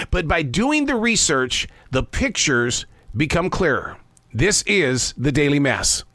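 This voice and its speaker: A man in his sixties living in the American South hosts a scripted spoken essay, folksy and conversational with playful asides. His voice is on the high side and a bit bright, with no room sound.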